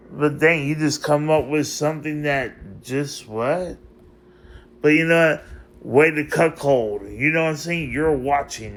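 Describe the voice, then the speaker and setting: A fairly bright, slightly high male voice carries an unscripted vlog monologue. He's emotional and meandering, confronting someone who isn't present and looping back to the same words repeatedly.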